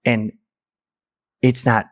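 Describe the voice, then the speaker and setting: A man's voice: medium pitch, little pitch movement, drawn-out words. A man, a podcast host, telling a personal story candidly and emotionally, stammering and restarting as he goes.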